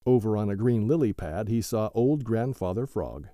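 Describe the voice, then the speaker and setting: Male podcast host narrating children's stories; warm dark tone, very expressive delivery. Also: fairly low pitch, moderate pace, dry recording, clean studio sound. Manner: animated, gentle storytelling.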